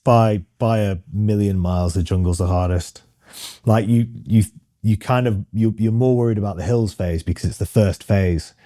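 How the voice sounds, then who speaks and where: A man's voice: on the low side, normal speed, mellow, no room sound, studio quality. A British man in his thirties, a guest in an interview, talking frankly with many ums and restarts. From Britain. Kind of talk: casual interview chat.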